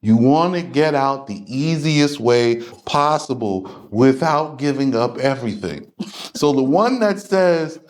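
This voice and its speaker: Confrontational male preacher, slow delivery. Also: mid-range voice, expressive. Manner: emphatic, confrontational, lecturing. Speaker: religious class teacher. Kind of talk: preaching lecture to a class.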